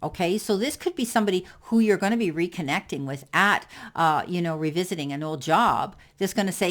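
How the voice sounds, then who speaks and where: A woman's voice: lowish voice, fairly quick, hardly any pauses. A woman giving a general tarot reading in a reassuring manner, with many fillers and repeated words. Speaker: tarot reader.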